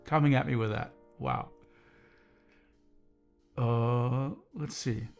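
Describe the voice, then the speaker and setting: A man hosting a casual livestream, reading viewer comments and talking in a calm, measured way. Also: mid-range voice, creaky, lo-fi sound, soft background music. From United States. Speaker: livestream host.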